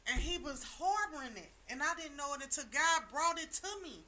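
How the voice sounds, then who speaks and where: A middle-aged woman on a talk show with a high, very bright, ringing voice. She drives her points home by repeating them with preaching-style emphasis. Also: lively intonation, moderate pace. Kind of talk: casual chat.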